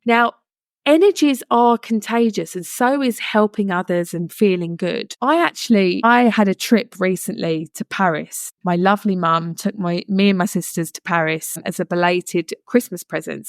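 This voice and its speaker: A woman's voice: medium pitch, dry recording, studio quality. A young adult woman hosting a podcast, telling a personal story in a chatty, earnest way with frequent "you know" asides. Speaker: podcast host. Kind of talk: casual storytelling monologue.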